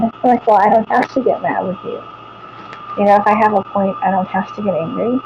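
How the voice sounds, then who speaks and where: A middle-aged woman with a Texan accent talks calmly to her viewers at home, rambling and often restarting her sentences. Her voice has a gravelly edge. The recording is muffled and lo-fi, with a steady hiss of noise behind her. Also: medium pitch, fast talker. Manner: calm, even and rambling, often trailing off and restarting. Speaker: vlogger. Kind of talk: casual talk to camera while showing her computer screen. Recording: dull lo-fi home recording with clear background noise.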